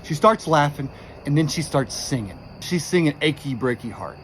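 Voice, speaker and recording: His voice is a little high and a bit bright, with lively intonation and a moderate pace, and a slight hiss or hum sits under the audio. A man in his forties, he recounts a scary experience in the first person, intense, shaken, and full of profanity.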